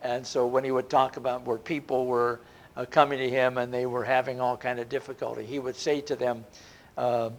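A man's voice: medium pitch, a little fast, slight background noise. An older man preaching a sermon, with a conversational delivery and frequent restarts. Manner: lively, rising and falling delivery with frequent restarts.

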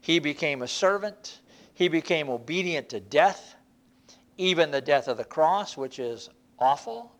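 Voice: medium pitch, lively intonation, a little slow. Folksy, conversational church Bible teacher. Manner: conversational, repeats and restarts phrases, folksy asides.

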